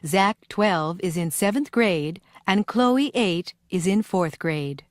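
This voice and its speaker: A woman giving scripted textbook narration in a clear, careful manner. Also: fairly low pitch, expressive, slow, no room sound, studio quality.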